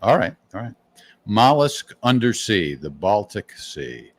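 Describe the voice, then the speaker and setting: An easygoing male host with a fairly low voice leads a relaxed interview. He asks his questions plainly and conversationally. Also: unhurried, dry recording. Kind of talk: casual interview chat.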